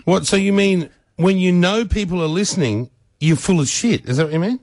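A man's voice: high voice, brisk, a little mellow, dry recording, studio quality. A man with an Australian accent hosting a radio show, teasing his co-workers in crude, mocking banter. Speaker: radio host.

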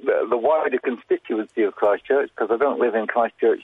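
Hesitant, husky phone-in caller. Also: male voice, mid-range voice, fairly quick, no echo, phone-quality sound. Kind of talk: radio phone-in call.

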